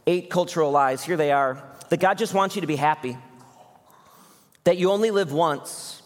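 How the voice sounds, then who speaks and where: A man's voice: a little high, normal speed. A man in his thirties preaching a sermon as pastor, talking earnestly and conversationally with direct appeals to his listeners. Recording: hall reverb.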